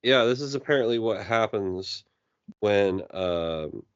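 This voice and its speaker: Man, low voice, casual podcast chat, rambling, crude jokes, dull lo-fi sound. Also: animated, slow pace, clear, resonant tone, no echo. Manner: rambling storyteller, swears freely. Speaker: podcast co-host.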